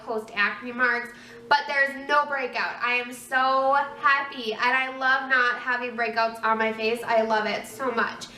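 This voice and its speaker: A woman's voice: sits high, pushed and bright. A young woman in her twenties giving a casual pregnancy update in a chatty, rambling way, full of fillers and restarts. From Minnesota, USA. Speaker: vlogger. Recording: echoey room, mic some distance away.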